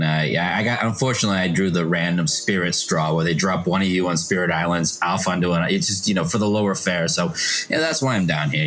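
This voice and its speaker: A man's voice: sits low, a bit bright. A man playing an easygoing male castaway who rambles in a laid-back way in an improv comedy scene.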